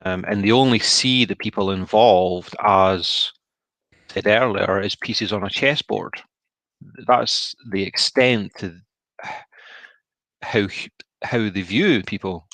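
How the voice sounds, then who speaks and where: A man co-hosting a casual chat, speaking in a measured, supportive way with short affirmations. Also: fairly low pitch, a bit bright, no echo.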